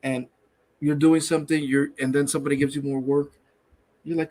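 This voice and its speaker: Animated man co-hosting a gaming podcast. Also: fairly high pitch, a little fast. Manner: animated, incredulous, swears casually. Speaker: podcast co-host. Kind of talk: casual chat.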